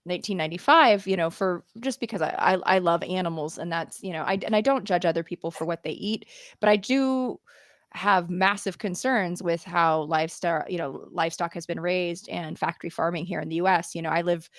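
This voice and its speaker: A woman's voice: lowish voice, fairly quick, no echo, studio quality. Chatty, laughing woman podcast host. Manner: chatty, laughs often, frequent restarts. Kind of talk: casual interview chat.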